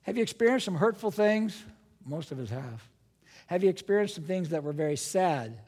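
A man preaching a sermon as a pastor, animated and dramatic, asking rhetorical questions and acting out his listeners' voices. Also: high-pitched, moderate pace, husky, long reverb tail.

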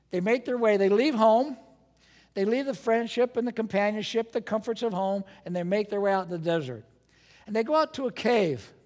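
High-voiced preacher in an echoing hall. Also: male voice. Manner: animated preaching, acting out listeners' voices, rhetorical questions. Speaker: pastor. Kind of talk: sermon.

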